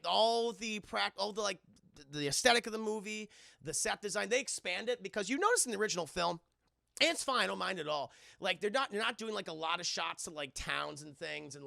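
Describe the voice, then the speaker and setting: A man with a high, crackling, gravelly voice talks straight into a close, dry mic. He rambles through a film recap for his live chat, swearing freely and staying animated. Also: no echo. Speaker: livestream film reviewer. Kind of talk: casual chat with a live audience.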